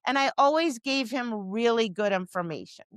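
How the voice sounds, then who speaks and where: With a fairly high, lively voice at a moderate pace, this woman dog trainer co-hosts a podcast in casual chat. She acts out what her dog would say and scolds owners with exasperation, and the recording is dry.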